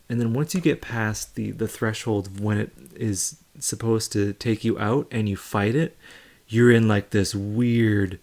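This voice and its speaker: A young man chats casually on a live stream, his voice sitting low and rough with vocal fry. He wanders through his story loosely, with plenty of fillers and restarts. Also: steady tone, unhurried, darkish tone.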